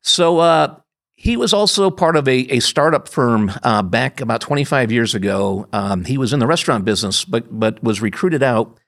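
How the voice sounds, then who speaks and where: A man's voice: medium pitch, lively intonation, normal speed, creaky. A man in his fifties from upstate New York, a podcast guest telling long personal anecdotes with frequent restarts. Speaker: guest, company founder. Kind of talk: conversational interview storytelling.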